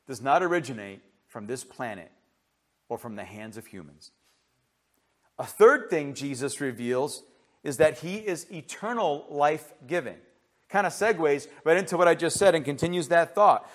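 A man preaching a sermon, reading scripture aloud, asking the listeners questions and swinging between loud emphatic bursts and hushed low lines. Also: moderate pace. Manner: reads scripture aloud and asks rhetorical questions. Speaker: pastor.

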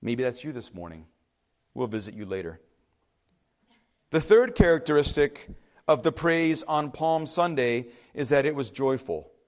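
A male pastor preaching a sermon, emphatic and swinging from loud exhortation to hushed asides. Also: medium pitch, lively intonation, unhurried, long pauses. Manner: emphatic preaching, rising and dropping sharply; acts out skeptics in hushed asides.

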